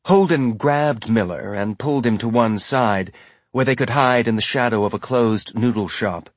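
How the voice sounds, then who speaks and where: A man giving measured, scripted audiobook narration. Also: mid-range voice, dry recording.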